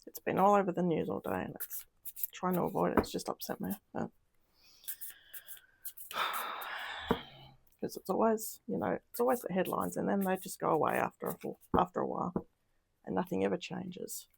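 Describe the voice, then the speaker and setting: A woman's voice: on the low side, brisk, gravelly, slightly rough. A woman doing a casual tarot reading, talking in an upset, emotional way with sighs and trailing sentences. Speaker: tarot reader.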